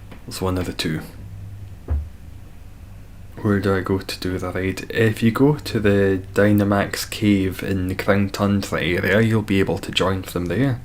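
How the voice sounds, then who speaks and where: A man's voice: lowish voice, a little mellow, slight background noise. A Scottish man chatting casually with viewers on a live stream, laid-back and swearing freely as he reads the chat. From Scotland.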